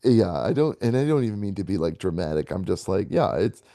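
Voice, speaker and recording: A man with a low, gravelly, mellow voice co-hosts a relaxed movie chat. He is chatty and laughs easily, defending himself with good humor. The recording is dry and close. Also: a little fast, no room sound. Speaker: podcast co-host. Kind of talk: casual movie-review chat.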